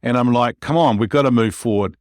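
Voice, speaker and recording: A podcast host, recorded dry, chats in a casual interview style, enthusiastic and rambling as he speaks directly to listeners. His voice is medium-pitched and fairly quick.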